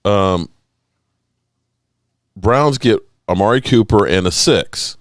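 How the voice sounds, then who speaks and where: A man hosting a casual sports podcast, talking in an animated, excitable way and swearing now and then. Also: takes it slowly, no echo, studio quality. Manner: animated, excitable, swears, acts out quotes in a high voice. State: voice strained, coughing.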